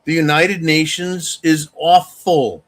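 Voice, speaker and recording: Male host, fairly high-pitched, delivering a heated, expletive-laden opinion monologue. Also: steady tone, slow. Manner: angry, profane ranting. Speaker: show host.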